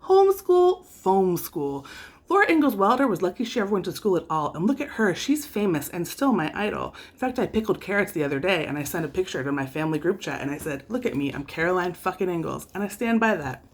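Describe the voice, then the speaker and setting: A woman's voice: fairly low pitch, very animated, brisk. A woman vlogging about parenting, with a wry, self-deprecating storytelling manner. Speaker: vlogger and mother. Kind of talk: casual vlog storytelling.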